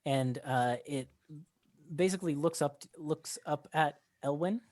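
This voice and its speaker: A game master narrating a tabletop game, talking haltingly with many fillers and restarts. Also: medium pitch, a little mellow, no echo.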